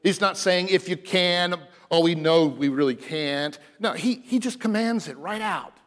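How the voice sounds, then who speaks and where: A man preaching with a slightly high voice, earnest and emphatic, swinging between firm stress and hushed asides. His words ring out with a long reverb, as if in a big church sanctuary. He delivers it as a pastor giving a sermon. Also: measured pace. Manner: earnest, emphatic preaching with soft dropped passages. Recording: long reverb of a large hall.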